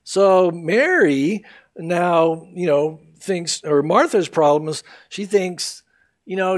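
A male pastor preaching a sermon in a conversational, animated way, with casual asides to the congregation. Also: fairly high pitch, slow.

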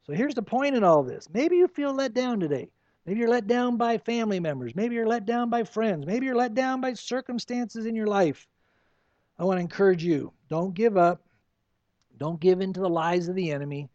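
A man's voice: sits high, expressive, moderate pace, a little mellow, dry recording, muffled recording. A man preaching a sermon as a pastor, earnest and pleading, full of rhetorical questions.

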